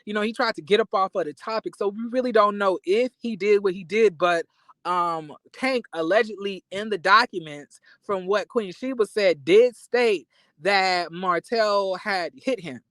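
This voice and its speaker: Guy ranting about reality tv on his channel, loud and animated, swears a lot, dead dry room. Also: high voice, normal speed, no echo. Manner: animated, profane, emphatic, breaks into apologetic asides. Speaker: commentary vlogger. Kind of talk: reality TV commentary rant.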